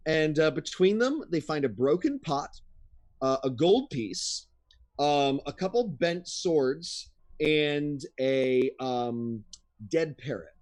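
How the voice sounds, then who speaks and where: A man's voice: fairly high pitch, animated, takes it slowly, darkish tone. A man narrating as game master of a tabletop game, casual with many fillers.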